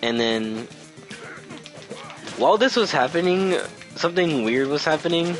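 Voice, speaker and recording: A man's voice: fairly high pitch, expressive, measured pace, soft background music, rough recording. A young man who works in retail, telling a casual storytime rant in an exasperated way and swearing freely. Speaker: retail worker.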